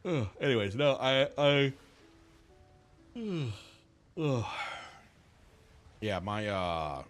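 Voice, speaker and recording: Worn-out male streamer, rambly, swears, lively ups and downs, faint music behind. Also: medium pitch, drawn-out words. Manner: rambling, restarts often, swears. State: tired, yawning and congested. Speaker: gaming streamer. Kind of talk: casual stream chat.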